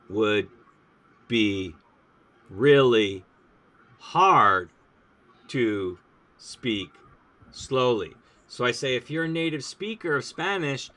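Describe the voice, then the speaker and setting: A man who teaches languages, chatting casually about his classroom and acting out bits of lessons as he goes. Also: medium pitch. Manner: lively storyteller, acts out classroom voices.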